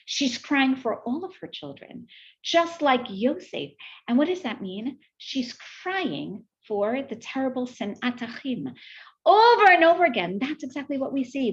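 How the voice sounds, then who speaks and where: A woman giving a Torah lecture, telling the sources as animated stories and acting out the quoted voices. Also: sits high, lo-fi sound. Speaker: Torah teacher.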